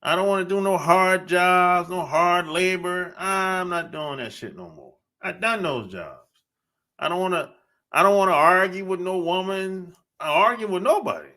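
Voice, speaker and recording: Animated, bright-voiced male podcast host. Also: high-pitched. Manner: blunt, laughing often, drawn-out emphatic phrasing. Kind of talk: casual monologue.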